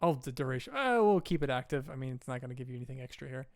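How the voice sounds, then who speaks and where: A man's voice: mid-range voice, big pitch swings, very fast, no room sound, clean studio sound. A man narrating scenes as game master at a tabletop role-playing game.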